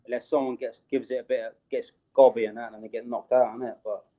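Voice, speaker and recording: A man's voice: medium pitch, little pitch movement, fast talker, warm tone. Slangy British man telling a story. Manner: slangy, streetwise, laughs while telling. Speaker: interview guest. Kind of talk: casual storytelling.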